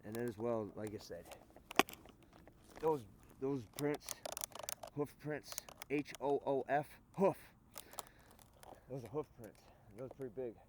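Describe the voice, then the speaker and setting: A man's voice: medium pitch, a little slow, long pauses. Rambling man vlogging over outdoor noise. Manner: repetitive, swears oaths, restarts often. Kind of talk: rambling storytelling. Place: outdoors in snow.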